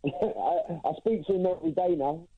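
A man's voice: fairly high pitch, measured pace, slightly rough, no room sound. A male caller to a radio show, giggly and hesitant, on a weak phone line.

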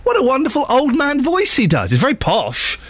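A man's voice: extremely high pitch, wildly swooping pitch, brisk, background noise. A man hosting a call-in radio show, joking and laughing with callers. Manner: jokey, laughs often. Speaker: radio host.

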